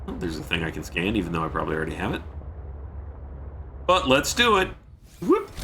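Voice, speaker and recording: Lively deep-voiced man streaming a game. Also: slight background noise. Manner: chatty, reads out viewer thanks, sudden yelps; keeping his voice down. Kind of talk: casual gameplay commentary.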